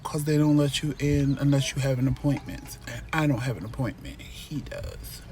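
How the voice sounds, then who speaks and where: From a parked car, a man with a mid-range voice tells his viewers a personal story in a casual, emphatic vlog. He speaks at normal speed, animated and emphatic, addressing viewers directly, with background noise audible.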